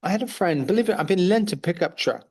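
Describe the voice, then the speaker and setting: A man's voice: sits high, lively intonation, fast, a little mellow, breathy edge. A man in his fifties, a guest, telling long rambling stories and acting out what others said. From Canada. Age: 50s. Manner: rambling storyteller who acts out what others said. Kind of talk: casual conversation.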